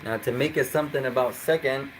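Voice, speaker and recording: A man's voice: mid-range voice, fast, slight background noise, rough recording. Man coaxing students through an Arabic lesson. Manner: coaxing students, mixing Arabic phrases into English explanations. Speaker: Arabic teacher. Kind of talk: live online class.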